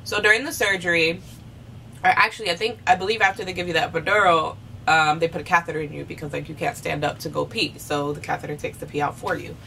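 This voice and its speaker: A young woman vlogger casually telling a story, chatty with many fillers, jumping high when she acts out what she said. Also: quick pace, creaky, recorded from a distance, slight background noise. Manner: animated, acts out quotes with sharp high pitch jumps.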